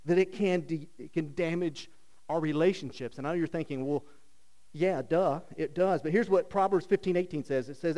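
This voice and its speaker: A middle-aged man preaching a sermon, telling stories with rhetorical questions and swinging from loud bursts to hushed lines. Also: a little high, moderate pace. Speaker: pastor.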